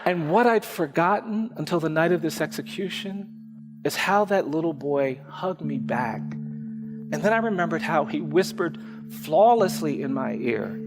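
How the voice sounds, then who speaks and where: A lawyer telling a personal story in a public speech, with measured, repetitive rhythmic phrasing. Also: male voice, a little high, animated. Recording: echoey hall with faint music.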